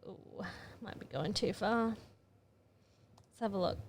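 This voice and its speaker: Woman, casual tutorial narration, thinking aloud, chatty, mid-pitched, faint background hiss. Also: a little slow, creaky. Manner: chatty, muttering to herself while working. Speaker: photographer giving an editing tutorial.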